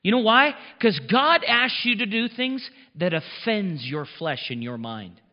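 Male pastor, high voice, chatty emphatic preaching style; long hall reverb. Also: lively intonation, measured pace. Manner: conversational, emphatic preaching, laughs at own lines. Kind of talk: sermon. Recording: long reverb, dull muffled sound.

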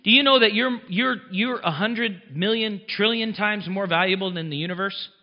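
A man's voice: high voice, normal speed. A pastor preaching a sermon in a conversational, emphatic way, chuckling at his own lines. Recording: long reverb, dull muffled sound.

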